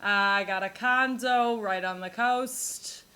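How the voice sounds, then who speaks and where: A woman's voice: mid-range voice, slow, sharp tone. A woman voicing an older Long Island grandmother who complains, with a Long Island accent, as a comic impression. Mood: kvetching. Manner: kvetching, emphatic, repetitive. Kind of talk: comedic impression in a podcast monologue.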